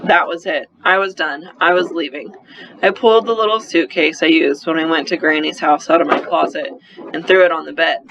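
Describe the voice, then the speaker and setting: A man narrating a first-person children's story in an expressive, brisk storytelling manner, on a slightly muffled recording. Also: fairly high pitch, slight background noise. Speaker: audiobook narrator.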